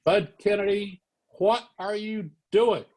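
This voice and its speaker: A man voicing a furious male newspaper sports editor who scolds and shouts. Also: sits high, slow, voice pushed up.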